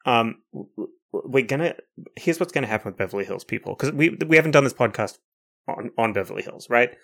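A woman's voice: a bass voice, lively intonation, a little fast, fairly bright tone. A woman co-hosting a podcast in casual chat, teasing and chatty, with many fillers. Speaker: podcast co-host.

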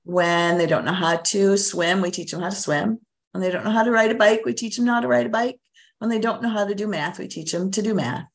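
A woman's voice: mid-range voice, brisk. A woman guest, a parent coach, explaining her ideas in an earnest, teacherly way in a casual interview.

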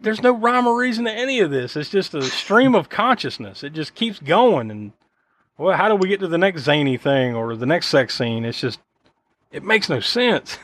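A man's voice: fairly high pitch, very animated, normal speed, fairly bright tone. Rambling, profane podcast host man. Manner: rambling, profane, with frequent fillers. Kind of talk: casual film discussion.

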